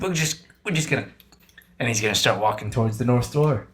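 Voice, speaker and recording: A man's voice: mid-range voice, a little fast, a bit bright. A man playing a tabletop game in a playful, jokey way. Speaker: player.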